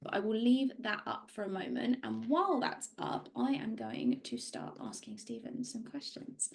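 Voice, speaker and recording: A woman's voice: a little high, sing-song, normal speed, gravelly. A woman hosting a webinar over a video call, friendly and organised as she reads out audience questions. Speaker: webinar host. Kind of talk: webinar presentation and Q&A.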